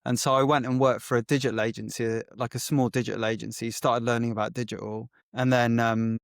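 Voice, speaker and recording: Animated man telling stories. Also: medium pitch, a little fast, vocal fry, no room sound, clean studio sound. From England. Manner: animated storyteller who acts out quoted exchanges, frequent "like" fillers. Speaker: guest, agency founder. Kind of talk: casual storytelling interview.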